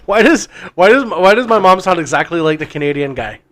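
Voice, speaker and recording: A man's voice: high voice, lively intonation, fairly quick, background noise. A man co-hosting a podcast, telling a long story casually in a rambling, profane way. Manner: rambling and profane, with frequent restarts and laughs. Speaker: podcast co-host.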